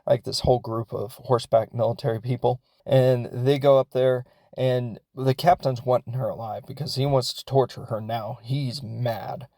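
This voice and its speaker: With a warm, gravelly, medium-pitched voice, the podcast host talks at a moderate pace with a steady tone and few pauses, with no room sound. His film recap is casual and rambling, loaded with fillers and laughs.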